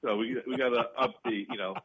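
A man's voice: mid-range voice, fairly even intonation, a little fast, husky, muffled recording. A young man co-hosting sports talk radio, rambling casually with fillers and laughs. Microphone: studio radio mic.

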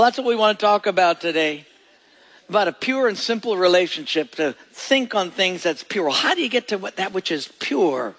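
A man preaching a sermon as pastor, storytelling and acting out voices in his anecdotes, with a gravelly voice. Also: sits high, fairly bright tone. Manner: storytelling, acts out voices in quoted jokes. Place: church sanctuary. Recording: long reverb of a large hall.

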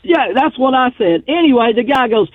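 A man's voice: extremely high pitch, expressive, moderate pace, no room sound. A man calling in to a radio show, telling a story in a folksy, drawling way. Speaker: radio caller. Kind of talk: casual phone-in storytelling. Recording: tinny dry phone line.

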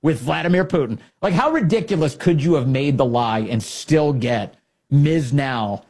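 A man hosting a political commentary show, mocking news clips in a sarcastic, animated way. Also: medium pitch, measured pace.

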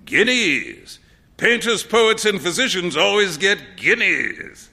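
A man voicing a flamboyant grown painter who booms out showy exclamations. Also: very animated, slow, gravelly, bright, forceful tone, slightly rough, big-room sound, exaggerated voice. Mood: exuberant.

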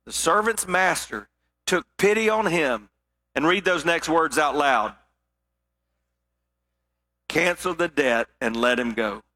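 A man preaching a sermon, telling a parable with drama and dropping to a hush for serious points. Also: sits high. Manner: dramatic storytelling, drops to a hushed voice for weight.

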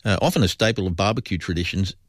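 A man's voice: low-pitched, very fast, no echo, studio quality. A man co-hosting a radio show, chatty and playful, reading out trivia. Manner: chatty, playful, slips into silly voices. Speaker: radio co-host. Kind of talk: casual radio chat.

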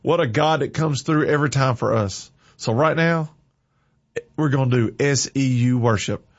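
A man's voice: medium pitch, normal speed. A man hosting a worship music show in a fervent, preacher-like way, breaking into impassioned bursts. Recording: dull lo-fi recording.

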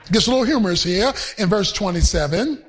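A man preaching a sermon, emphatic and often shouting, rising into a sing-song chant, with colloquial joking asides to the congregation. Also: sits high, expressive, quick pace.

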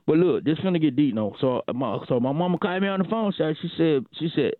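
A man's voice: a little high, lively intonation, fast, dry recording. Drawling comic man on a tinny line. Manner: drawling, preachy, repeats "shawty" and "boy". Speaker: radio show comedian telling a bit. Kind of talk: comic radio monologue. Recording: tinny phone-like dry sound.

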